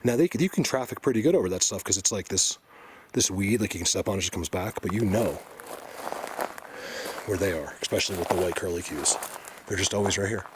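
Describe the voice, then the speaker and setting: A low-voiced man talks to his viewers while exploring the woods, keeping his voice hushed and then bursting into excited remarks. He often slips into a whisper, and the outdoor recording carries clear background noise. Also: fast. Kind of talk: casual narration to camera.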